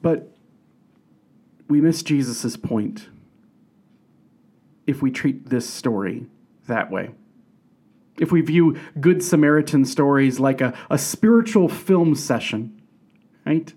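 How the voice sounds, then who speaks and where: Pastor, male, mid-pitched voice, chatty sermon delivery, rhetorical questions, stumbles and restarts. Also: lively intonation, slow, pauses often, warm tone. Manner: conversational preaching with rhetorical questions; restarts and repeated words.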